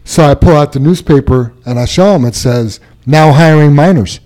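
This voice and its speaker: A man hosting a relaxed group talk, telling stories in an easygoing, joking way. His pitch sits in the middle and he laughs easily between lines. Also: fairly quick. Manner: jokey storyteller, laughs easily. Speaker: host. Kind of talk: casual chat.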